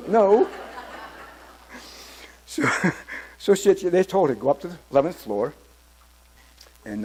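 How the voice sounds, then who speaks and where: A man in his seventies telling his personal testimony at church, in a halting storytelling way with many restarts. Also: medium pitch, creaky, mellow, breathy edge, rough recording. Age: 70s. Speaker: church member giving testimony.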